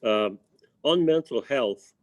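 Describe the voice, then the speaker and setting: A councillor asking a question at a council meeting over a video call, halting and searching for words. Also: male voice, medium pitch, animated, no room sound, low-quality recording.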